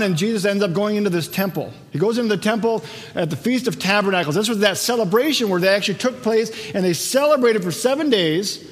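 A man preaching a sermon in a conversational way, slowing down when he quotes scripture. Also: high-pitched, big-room sound. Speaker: pastor.

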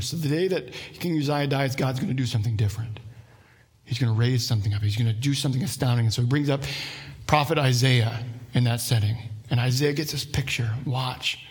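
A man's voice: medium pitch, slightly rough. A pastor giving a conversational sermon with asides to his listeners.

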